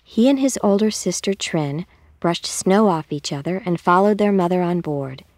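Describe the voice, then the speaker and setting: A woman reading a children's story aloud in a calm, measured way. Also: on the low side, dry recording. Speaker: narrator.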